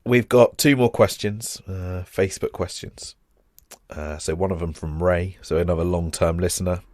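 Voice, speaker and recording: A man's voice: deep voice, fairly even intonation, normal speed, a little mellow, no echo, studio quality. A man co-hosting a podcast in easygoing casual chat, reading out listener questions. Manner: easygoing, reads out listener questions, calls the other "mate". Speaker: podcast co-host.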